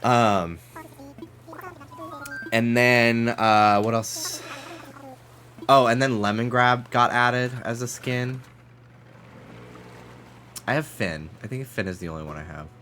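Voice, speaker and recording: A man's voice: medium pitch, slow pace, long pauses, a bit bright, soft background music. A man with a stuffy nose chatting casually and rambling as he streams a game, swearing freely.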